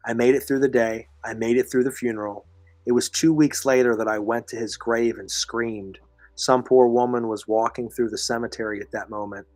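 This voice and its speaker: A man's voice: mid-range voice, fairly even intonation, moderate pace, a little mellow, no room sound. Male podcast co-host, voice fading, emphatic coaching manner, dry close sound. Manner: emphatic, repeats phrases, coaching tone. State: losing his voice. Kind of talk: earnest advice talk, reading listener comments.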